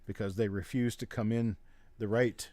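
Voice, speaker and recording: A man hosting a live coin auction, calling bids in rapid, repetitive runs and joking between lots. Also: on the low side, steady tone, a little mellow, no room sound. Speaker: auctioneer and show host.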